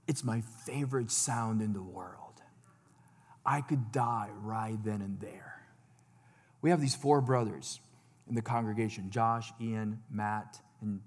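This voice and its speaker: A man preaching a sermon to his congregation, swinging from loud exclamations to hushed asides. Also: mid-range voice, in a large hall. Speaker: pastor. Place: church sanctuary.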